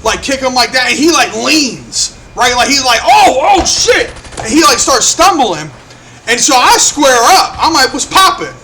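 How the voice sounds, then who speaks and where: A man's voice: very high voice, normal speed, slight background noise. A young man telling a story in a casual, profane way, acting out what people said. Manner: animated, profane, acts out quotes. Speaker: vlogger.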